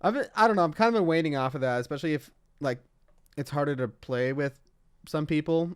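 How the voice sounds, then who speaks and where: A man's voice: fairly high pitch, fast, smooth. A young man co-hosting a casual podcast, rambling with lots of fillers and laughing easily. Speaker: podcast co-host.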